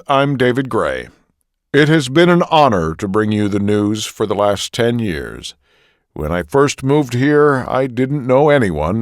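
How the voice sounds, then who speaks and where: Guy playing a grave tv news anchor, formal and measured, mid pitch, very dry close sound. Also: no room sound. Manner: measured, formal broadcast delivery. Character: solemn male TV news anchor signing off. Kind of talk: audio drama acting.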